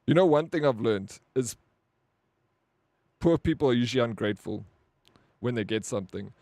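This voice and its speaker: South African male streamer, mid-pitched, blunt and profane, dry close mic. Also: animated, moderate pace, darkish tone, no echo. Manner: blunt, profane, rambling with frequent "bro". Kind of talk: casual live-stream chat.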